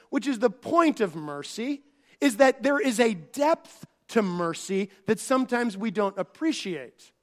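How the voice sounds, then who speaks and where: A middle-aged man preaching a sermon, earnest and conversational, often restarting phrases and acting out quoted dialogue. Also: very high-pitched. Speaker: pastor.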